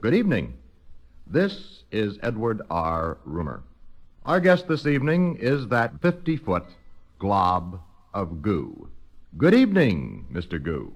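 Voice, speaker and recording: A deadpan TV anchorman, played by a man speaks slowly and gravely, with his pitch swooping widely for effect. His voice is lowish, and the lo-fi recording sounds dull. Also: heavily acted. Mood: solemn. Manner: slow, grave, deadpan broadcast delivery. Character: solemn male TV newsman, grave and measured.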